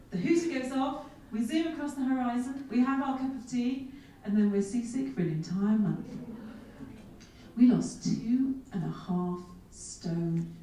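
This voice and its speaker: A woman's voice: medium pitch, unhurried, a little hiss or hum. A woman, giving a humorous keynote talk full of self-mocking asides. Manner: lively, self-mocking storyteller with comic asides. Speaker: keynote speaker. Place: large conference hall. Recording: echoey hall, speaker far from mic.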